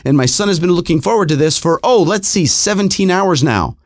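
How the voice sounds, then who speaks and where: A middle-aged man hosting a podcast, telling a comic story in an exasperated, animated, self-mocking way. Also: sits high, brisk, dry recording, studio quality.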